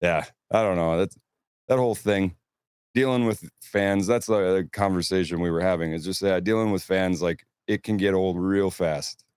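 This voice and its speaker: A man's voice: low voice, moderate pace, darkish tone, smooth, dry recording, studio quality. A man casually telling rambling, profanity-laced stories about touring. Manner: rambling storyteller, swears freely. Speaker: touring band crew member. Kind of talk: casual podcast chat.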